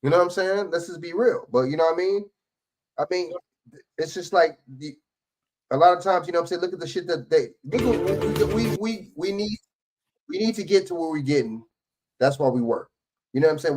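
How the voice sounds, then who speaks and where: A man's voice: a little high, brisk, a little mellow, low-quality recording. A man co-hosting an online show, venting in frustrated casual commentary, often repeating "you know what I'm saying". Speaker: co-host.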